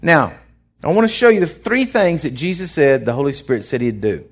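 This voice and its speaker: With a fairly high pitch and a fairly quick delivery, a pastor preaches extemporaneously. He brings his stories to life by acting out the voices in them.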